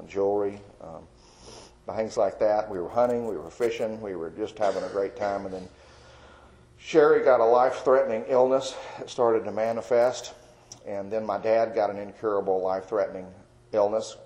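A man giving an earnest, rambling personal testimony as a Christian artist, with fillers and soft laughs. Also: fairly low pitch, poor audio.

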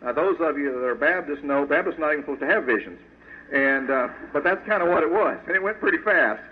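A man's voice: a little high, expressive, quick pace. Brief: male sculptor, earnest folksy testimony to a church crowd, lo-fi phone-like radio sound. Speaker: Christian sculptor giving a testimony. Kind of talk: personal testimony to an audience. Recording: tinny phone-like radio audio.

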